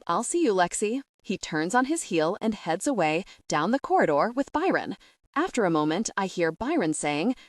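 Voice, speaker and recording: A woman narrating a first-person novel in an expressive storytelling voice. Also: medium pitch, dry recording, clean studio sound, distant mic. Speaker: audiobook narrator.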